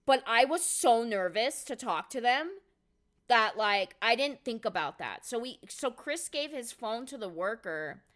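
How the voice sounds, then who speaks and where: A young woman streaming from home, telling a story in casual chat, excitable and swearing a lot with many fillers of "like". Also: fairly high pitch, measured pace. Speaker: live streamer. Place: at home by a window.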